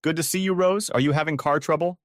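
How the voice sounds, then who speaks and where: A man's voice: a little high, fairly even intonation, fast talker, dry recording, studio quality, pitched above the performer's own voice, natural voice. A man playing a bitter, heartbroken mechanic who rants and answers coldly, in a storybook audio reading. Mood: polite. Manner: bitter, ranting, clipped. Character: bitter, heartbroken male mechanic, cold then angry.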